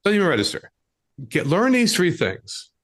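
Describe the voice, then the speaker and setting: A dating coach appears as a guest on a podcast, giving direct relationship advice in a casual conversation. His voice sits high with huge pitch swings, a slightly bright tone, and normal speed, and he acts out scenes with quoted voices.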